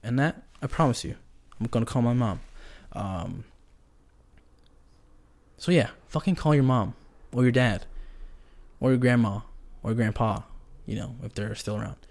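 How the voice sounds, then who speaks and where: A man's voice: medium pitch, moderate pace, creaky, long pauses, a little mellow. A man hosting a casual solo podcast, rambling and joking in a slangy way. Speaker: podcast host.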